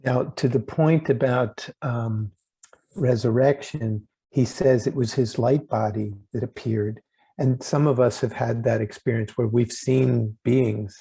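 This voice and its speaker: A man hosting an interview over a video call, talking in a halting way with many restarts and fillers. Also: mid-range voice, steady tone, gravelly, warm tone, husky, low-quality recording. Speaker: host. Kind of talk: casual interview chat.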